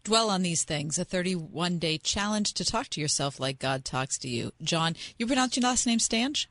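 A man's voice: high-pitched, animated, normal speed, a bit bright, dry recording. A man co-hosting a radio interview in an upbeat way, wrapping things up. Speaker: radio co-host.

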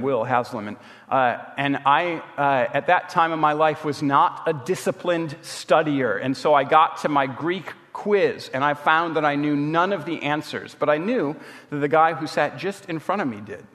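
A man's voice: fairly high pitch, a bit bright. A man preaching a sermon, telling personal stories in a conversational way and acting out what his friends said. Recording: long reverb.

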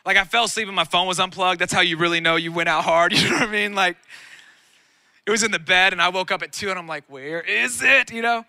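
A man in his thirties preaching a sermon on a lawn, energetic and conversational with self-deprecating humor. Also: high-pitched, quick pace, no room sound. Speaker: pastor. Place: outdoor lawn gathering.

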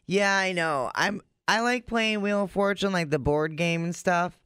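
A man's voice: high-pitched, unhurried, a bit bright, smooth, no echo. A man co-hosting a casual chat, laid-back and making dry wisecracks in casual slang. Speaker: podcast co-host.

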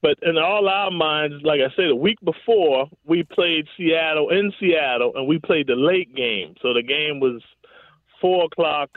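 A man's voice: on the high side, dry recording. A man, a former pro football receiver, telling stories in a casual interview, laughing often and leaning on "you know what I'm saying". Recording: dry, tinny phone-like line.

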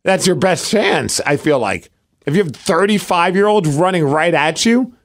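A man in his thirties, co-hosting a casual sports podcast. His voice sits a little high and swings widely in pitch. He jokes and laughs his way through the chat. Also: moderate pace. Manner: animated, jokey, laughs often. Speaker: podcast co-host.

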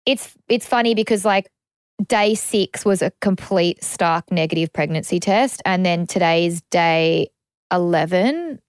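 A young Australian woman talks openly in a loose, rambling way, full of fillers and the odd curse. Her voice sits a touch low, and the sound is close and dry with no room around it. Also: a little slow, clear, resonant tone, no echo. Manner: rambling, frequent "like", swears freely. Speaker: podcast host. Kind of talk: candid casual chat.

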